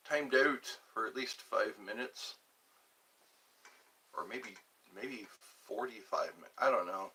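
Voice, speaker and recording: A man's voice: lowish voice, slow, fairly bright tone, husky. A man from the hosting a casual livestream, rambling and reading chat messages aloud. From Georgia, USA. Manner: rambling, reads chat aloud, chuckles to himself. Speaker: livestream host. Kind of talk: casual live-stream chat.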